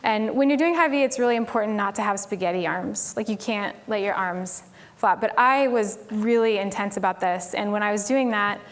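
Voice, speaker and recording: Here a woman from Tennessee talks on a conference stage in a mid-range voice at normal speed. The talk is casual and chatty, peppered with "like" and "um."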